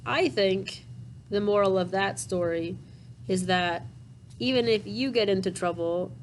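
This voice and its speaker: A woman reads an old children's storybook aloud in a mid-range voice, gentle and unhurried. She stops now and then to explain things to young listeners, with casual fillers. Faint hiss sits under the recording. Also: medium pitch, poor audio. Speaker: storybook reader. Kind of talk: reading a children's book aloud.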